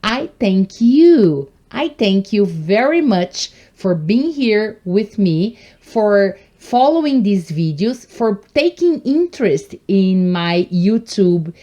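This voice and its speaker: A woman teaches English in an online lesson. Her pitch swings widely and she speaks slowly and deliberately. She keeps encouraging her viewers and addresses them as guys. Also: big pitch swings, warm tone, dull audio. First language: Portuguese.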